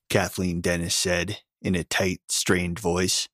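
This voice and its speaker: A man narrates a story in a steady, measured way. His low voice is recorded close and dry. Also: no echo. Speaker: audiobook narrator. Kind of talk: scripted narration.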